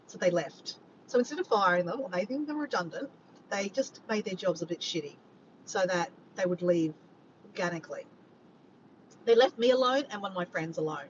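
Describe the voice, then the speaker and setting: A woman's voice: animated, normal speed. Chatty Australian woman on a livestream. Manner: chatty, joking, reads chat messages aloud. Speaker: livestream host. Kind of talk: casual livestream chat. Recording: dull lo-fi sound with faint rumble.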